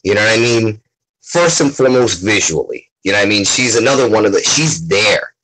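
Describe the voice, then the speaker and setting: Brief: excitable male comic artist on a call, husky voice, lively pitch swings. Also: fairly quick, poor audio. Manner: excitable, repeats "you know what I mean". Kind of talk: casual chat.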